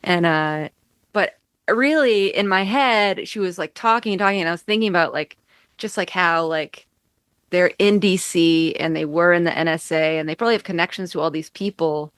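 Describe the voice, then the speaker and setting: An American woman with a lowish voice chats as a podcast guest, rambling from thought to thought and leaning on "like" at every turn. Her voice is dry and close, with no room sound around it. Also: moderate pace, a bit bright, clear, resonant tone, dry recording. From United States. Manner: rambling, heavy use of "like". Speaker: musician guest. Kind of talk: casual chat. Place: home in upstate New York.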